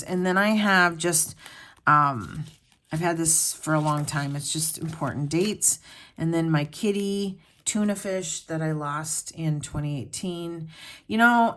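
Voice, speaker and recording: A middle-aged woman with a notably low voice chats casually with her viewers at home. She rambles from one thing to the next and talks to them as friends. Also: a bit bright. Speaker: planner vlogger. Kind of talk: casual chat.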